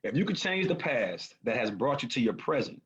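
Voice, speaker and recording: Teasing, laughing man with lively pitch. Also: brisk, highs cut off. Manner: loud laughing, teasing, profane. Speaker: podcast co-host, hip hop artist. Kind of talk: casual chat.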